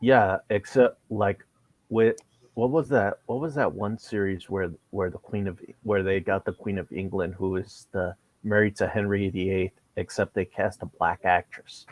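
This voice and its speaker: A man in casual voice chat on a live stream, talking haltingly and restarting his sentences often. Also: low voice, fairly even intonation, no room sound.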